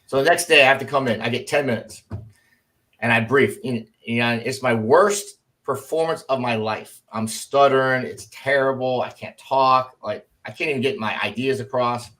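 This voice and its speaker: A man's voice: medium pitch, moderate pace. A middle-aged man, a former Army officer, telling stories in a casual podcast interview and acting out the people he quotes. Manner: animated storyteller, acts out quoted voices.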